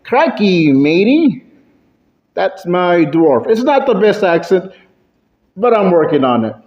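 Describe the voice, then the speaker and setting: A man delivering a prepared club speech, playing with his pitch and loudness for effect. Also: very animated, a little slow, dull audio. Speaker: Toastmasters club speaker. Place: club meeting room.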